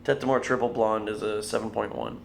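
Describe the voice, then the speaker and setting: A man's voice: fairly low pitch, fairly even intonation, brisk, creaky, slight background noise. A man reviewing beer in a casual vlog, wry and blunt, swearing offhandedly.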